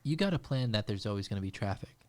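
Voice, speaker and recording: Lower voiced guy talking business on a podcast, dry sound, steady and thoughtful. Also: quick pace, no room sound. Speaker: business owner with employees. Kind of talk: casual podcast conversation.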